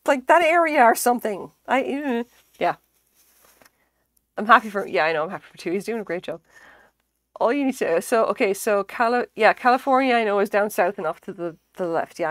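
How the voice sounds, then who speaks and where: A woman's voice: medium pitch, dry recording. A woman chatting casually on a live stream, rambling and self-deprecating, swearing freely as she talks. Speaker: livestreamer. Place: home craft stream setup.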